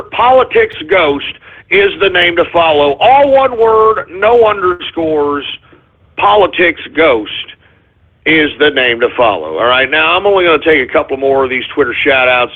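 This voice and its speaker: Ranting high-voiced radio host, phone-like sound. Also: male voice, normal speed. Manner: ranting, swings from calm to angry shouting. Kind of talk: call-in radio talk. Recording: muffled phone-like internet radio audio.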